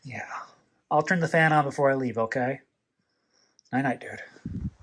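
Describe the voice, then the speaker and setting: A man's voice: medium pitch, measured pace, slight background noise. A man volunteering at an animal rescue, chatting casually and lovingly to shelter dogs at bedtime, rambling and laughing as he goes. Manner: affectionate, rambling, laughs often, soft night-night goodbyes. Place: animal shelter kennel at night.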